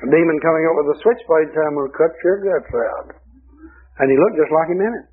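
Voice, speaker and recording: A man's voice: a little high, a little fast, slightly rough, phone-quality sound. A male preacher delivering a sermon through folksy, humorous storytelling.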